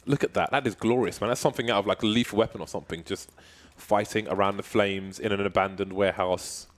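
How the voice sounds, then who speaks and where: A man doing live color commentary on an esports match, joking around with a slow drawl that bursts into shouts. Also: fairly low pitch, steady tone. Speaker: esports caster.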